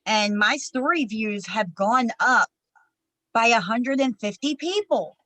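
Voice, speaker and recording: A woman's voice: on the high side, animated, takes it slowly, sharp tone, no echo, rough recording. A woman co-hosting a morning video call, speaking in an upbeat, encouraging way. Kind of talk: casual motivational chat.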